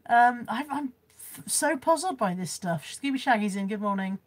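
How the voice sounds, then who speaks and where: A woman's voice: fairly high pitch, lively intonation, normal speed. A woman chatting casually on a live stream as she shows off a car boot haul and reads out viewers' comments, laughing often.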